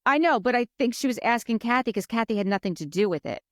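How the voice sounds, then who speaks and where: A woman co-hosting a podcast, chatting casually and recapping scenes with lively retold quotes. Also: a little high, fast, no echo, clean studio sound. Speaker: podcast co-host. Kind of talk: casual chat.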